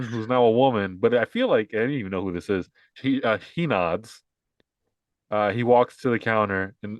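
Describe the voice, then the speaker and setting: A man's voice: medium pitch, a bit bright, dry recording. A young man co-hosting a casual political podcast, rambling with lots of "like" and sarcastic asides. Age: young adult. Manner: rambling, filler-heavy, sarcastic. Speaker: podcast co-host.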